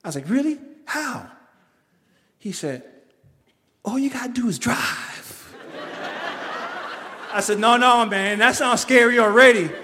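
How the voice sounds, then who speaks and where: A man from the Bronx telling a story on stage, animated and acting out the voices of the people in it. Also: very high voice, a little slow, pauses often, big-room sound, noisy background. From the Bronx, New York.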